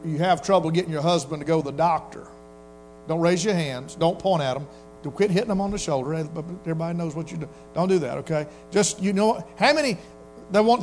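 A man delivers a sermon in a homespun, storytelling manner. His voice sits high, and he slips into little voices to act out what people say. A faint organ-like music bed and a mains hum run underneath. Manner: folksy Southern preacher, acts out quotes in voices. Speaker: pastor.

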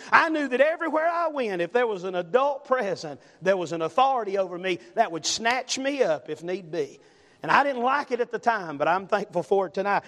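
A man's voice: very high voice, a bit bright. An older man preaching a sermon as pastor, emphatic and repetitive, punctuating points with "amen?", recorded with long reverb in a church sanctuary. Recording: long reverb in a large hall.

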